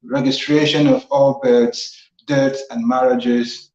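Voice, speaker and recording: A man's voice: mid-range voice, flat delivery, slow, darkish tone. Earnest Nigerian man hosting, roomy sound. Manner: earnest, repeats phrases for emphasis. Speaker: host. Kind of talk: civic talk show, explaining the constitution. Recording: roomy, slightly dull sound.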